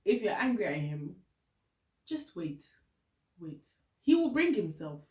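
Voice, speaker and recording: A woman's voice: lowish voice, very animated, a little slow, darkish tone, reverberant. A woman from Ghana with a Ghanaian English accent, chatting candidly and laughing often as she gives relationship advice. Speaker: vlogger giving relationship advice. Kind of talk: casual advice chat.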